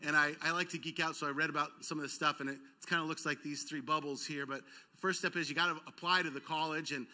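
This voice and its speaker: A man's voice: on the high side, fairly even intonation, fast talker, pushed and bright. A man in his thirties, a pastor preaching a sermon, telling stories and acting out dialogue, building to emphatic peaks. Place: church auditorium.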